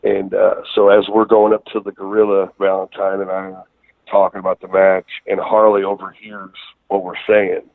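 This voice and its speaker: A man's voice: low voice, monotone, normal speed, vocal fry, dry recording. A man, a guest wrestler, telling rambling, profane stories with many fillers in a casual interview, calling in by phone. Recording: tinny phone line.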